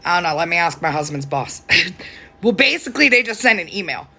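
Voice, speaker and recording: A woman's voice: on the low side, sing-song, fairly quick, sharp tone. A woman chatting casually and laughing often while hosting a live stream from her phone at home. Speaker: TikTok live host. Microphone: phone camera.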